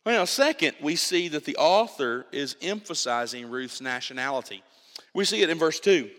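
This pastor's voice sits on the high side, moving at normal speed. In a reverberant church sanctuary he delivers an animated sermon, hammering points home with emphasis, repetitions and restarts.

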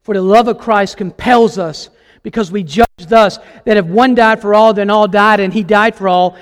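A man's voice: high-pitched, fairly even intonation, normal speed, big-room sound. A man preaching a sermon as a guest preacher, emphatic and impassioned, putting questions to the congregation. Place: church sanctuary.

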